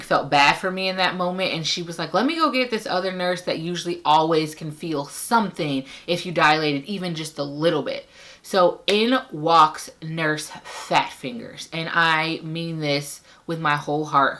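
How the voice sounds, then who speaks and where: Young woman, low pitch, bright tone, animated storytelling, acts out quoted voices. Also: moderate pace. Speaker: parenting vlogger. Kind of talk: casual storytelling to camera.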